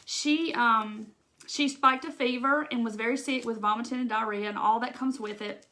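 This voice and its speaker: A woman's voice: on the high side, steady tone, moderate pace. A middle-aged woman with a Southern US accent, hosting a casual craft livestream and chatting with viewers. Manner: chatty, warm-hearted, says y'all, tearful at times. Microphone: phone or webcam livestream.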